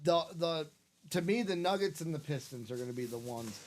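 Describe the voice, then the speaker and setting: A man's voice: fairly high pitch, expressive, brisk, slight background noise. A man hosting a live card break stream, chatting casually and reeling off player names in a jokey, upbeat way.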